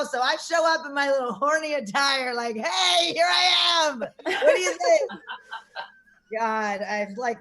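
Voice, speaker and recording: A woman's voice: high-pitched, a bit bright. A woman in her forties doing brash, self-mocking, profane stand-up comedy from her garage over a video call. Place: home garage.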